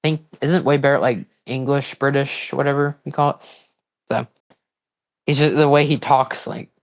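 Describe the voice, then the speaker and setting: A man hosting a casual livestream, talking loosely and at length over a wrestling show. His voice sits at an ordinary middle pitch, and he jumps into loud excited outbursts when something big happens. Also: moderate pace. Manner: rambling, with sudden excited outbursts and confused reactions. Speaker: livestream host. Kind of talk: casual live commentary on a wrestling broadcast.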